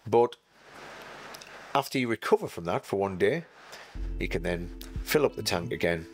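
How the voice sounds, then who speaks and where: A middle-aged man talks in a fairly low voice, chatty and self-mocking, often jumping up in animated bursts. Faint music plays softly under him. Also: moderate pace. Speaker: interview guest. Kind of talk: casual storytelling.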